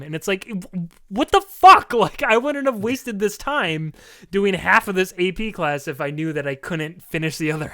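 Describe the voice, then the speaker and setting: A man's voice: a little high, pushed and bright, dry recording, studio quality. A young man in casual chat as a podcast co-host, ranting with exasperation and swearing.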